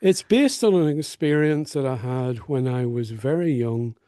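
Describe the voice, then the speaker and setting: A middle-aged man with a Northern Irish accent, a guest telling stories in a wry, unhurried way. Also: medium pitch, animated, warm tone, no echo, clean studio sound. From North Belfast. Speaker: guest songwriter and storyteller. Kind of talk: conversational storytelling.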